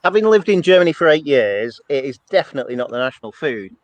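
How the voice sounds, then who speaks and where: A man's voice: fairly high pitch, big pitch swings, fast talker, dry recording, highs cut off. Chatty, rambling man on a dry mic. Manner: chatty, rambling, self-deprecating. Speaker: church show co-host. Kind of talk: casual chat.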